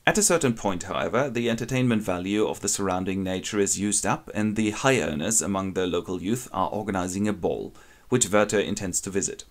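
A man's voice: deep voice, fairly quick. A man wryly retelling a classic novel as a comic summary. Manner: wry, ironic storytelling. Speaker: narrator.

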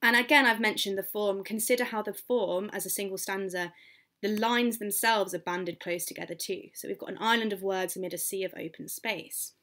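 A woman's voice: medium pitch, steady tone, brisk, sharp tone. A woman English teacher with an English accent gives a recorded poetry lesson, explaining as she goes, thinking aloud with fillers and correcting herself.

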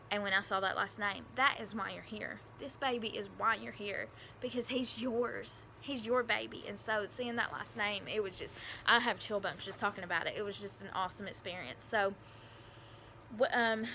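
A woman's voice: a little high, pushed and bright, slight background noise. A woman vlogger telling a personal story in a casual, emotional, rambling way with lots of fillers and restarts.

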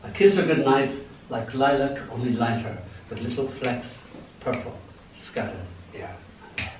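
An older Irish man reading his poems aloud at a live event, playful and lilting, with sudden swings between soft and loud. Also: mid-range voice, lively intonation, moderate pace, a little hiss or hum. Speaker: poet. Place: event venue. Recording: echoey room from far off, faint ambience.

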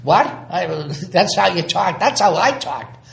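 A man's voice: high-pitched, expressive, takes it slowly, creaky, a bit bright. A man, a guest telling stories in a casual interview, rambling and repeating words as he acts out old conversations. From Somerville, Massachusetts. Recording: echoey room.

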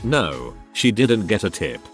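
A man with a low voice reads internet stories aloud, his pitch rising and falling freely as he goes. He slips wry comments in between the tales, while soft music plays faintly underneath. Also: very animated, unhurried. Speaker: narrator.

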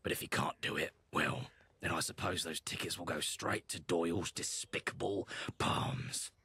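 Hushed, gravelly villager. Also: male voice, low voice, moderate pace, no room sound, heavily acted. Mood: solemn. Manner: hushed half-whispered delivery. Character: serene naked male villager, peace-loving, fussy. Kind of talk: video game voice acting.

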